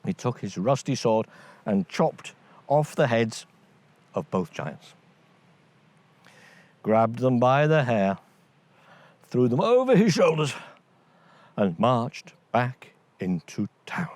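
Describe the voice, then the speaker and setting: A man tells a children's fairy tale at an unhurried pace. His pitch rises and falls a lot as he narrates. The sound is dry and close. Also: no echo. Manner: lively, voices each character. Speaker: storyteller. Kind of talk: scripted bedtime story narration.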